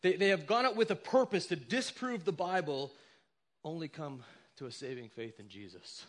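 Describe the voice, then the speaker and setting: Male pastor, sermon delivery, emphatic and rhetorical, a touch high-pitched. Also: lively intonation, moderate pace, fairly bright tone. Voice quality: emphatic, rhetorical, repeated "right?".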